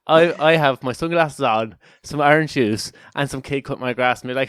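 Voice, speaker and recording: A man's voice: mid-range voice, normal speed, a bit bright, smooth, dry recording, studio quality. Laughing man telling stories. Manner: jokey, laughs often, rambling storytelling. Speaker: podcast co-host. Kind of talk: casual banter podcast.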